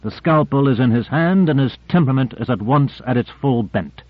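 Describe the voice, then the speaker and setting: A man's voice: medium pitch, animated, fairly quick, no echo, close to an everyday voice. A sly, sardonic man, as a male narrator puts him on, needling with pointed questions. The sound is dry and thin, like a phone line. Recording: dry narrow phone-like audio.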